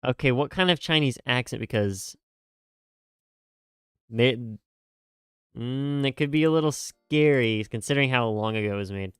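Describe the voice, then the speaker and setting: A man's voice: medium pitch, normal speed, pauses often, smooth, no echo, clean studio sound. A young man chatting casually on a live stream, rambling and joking at himself with lots of fillers and restarts. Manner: rambling, jokey, self-mocking, many fillers and restarts. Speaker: streamer reacting to game music.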